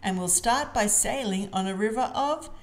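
A woman's voice: medium pitch, normal speed, close to an everyday voice. A woman reading a storybook aloud, voicing a cheerful female rabbit who guides the children around like a tour guide. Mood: welcoming. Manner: announcing, bright tour-guide tone.

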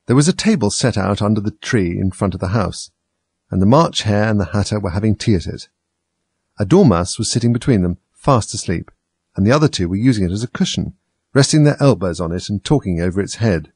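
Man reading a storybook aloud, low voice, gravelly, measured. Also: animated, darkish tone, no room sound. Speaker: narrator.

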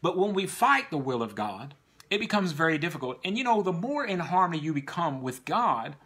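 A man's voice: fairly high pitch, sing-song, fairly quick, sharp tone, breathy edge. A man preaching a sermon to a congregation, earnestly exhorting the listeners.

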